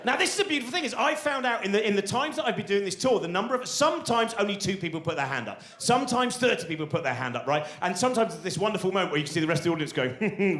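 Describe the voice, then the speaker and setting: A man performs stand-up live on a big theatre stage, rambling excitably and slipping into the voices of his own thoughts. His voice sits high and leaps all over the place. The hall rings around him, with laughter from the crowd. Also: fast, few pauses. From England. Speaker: stand-up comedian. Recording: roomy live theatre sound. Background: audience laughter.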